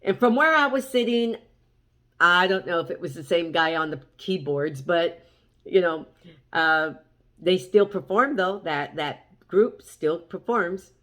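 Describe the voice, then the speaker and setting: A woman's voice: lowish voice, measured pace, fairly bright tone. A woman chatting to the camera as she tells a story, animatedly quoting what everyone said. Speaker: vlogger. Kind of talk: casual storytelling.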